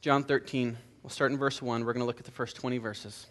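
Speaking briskly in a medium pitch with little pitch movement, a pastor delivers an earnest sermon to his congregation in a church room. His conversational address includes prayer and a scripture reading, with frequent word repetitions.

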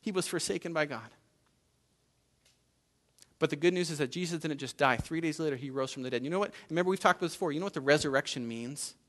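Earnest, fairly high-voiced male pastor. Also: fast talker, fairly bright tone. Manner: earnest, emphatic, with repeated words and restarts. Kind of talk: sermon.

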